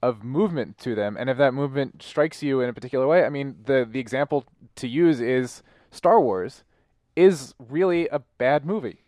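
A man's voice: mid-range voice, expressive, normal speed, darkish tone, no room sound, studio quality. Podcast co-host, man, reflective and hunts for the right word. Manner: thoughtful, searching for words. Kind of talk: casual chat.

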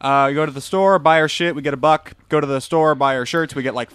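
A man's voice: a little high, steady tone, a bit bright, smooth, dry recording. A man hosting a podcast, rattling off the show's outro and plugs. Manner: quick, rattled-off promo reading. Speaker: podcast host. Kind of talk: casual podcast chat and outro.

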